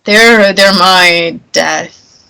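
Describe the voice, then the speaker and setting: A woman's voice: on the low side, very slow, gravelly, pushed and bright, smooth, poor audio. A woman from Germany co-hosting a podcast, chatting casually with frequent laughs and repeated words. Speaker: podcast co-host. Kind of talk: casual chat.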